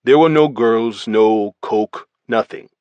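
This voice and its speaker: A man's voice: lowish voice, slow, clear, resonant tone, no room sound, muffled recording. A man voicing a blunt, cold male mobster, speaking clipped broken English.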